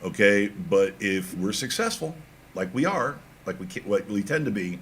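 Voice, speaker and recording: Sports radio co-host, man, emphatic and animated, teasing asides, faint background hiss. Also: on the low side, normal speed. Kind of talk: casual sports talk.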